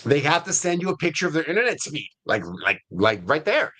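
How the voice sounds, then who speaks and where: A middle-aged man with a US Hispanic accent, hosting a webinar in a casual, energetic way with many fillers and restarts. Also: on the high side, brisk. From Latin America. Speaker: webinar host.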